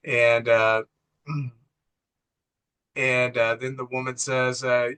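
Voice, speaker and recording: A man's voice: mid-range voice, level tone, slow, long pauses, bright, forceful tone, clean tone. A middle-aged man co-hosting a casual movie recap, acting out the film's dialogue in quoted voices and laughing at his own jokes. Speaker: co-host, father.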